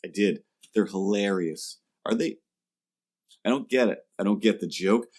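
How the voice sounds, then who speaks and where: A low-pitched man hosting a chatty podcast. He tells his story with comic energy and slips into playful voices for the people he quotes. His delivery stays loose, quick and jokey. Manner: animated, acts out quoted customers in jumpy voices. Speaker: podcast host. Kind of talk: comedic storytelling chat.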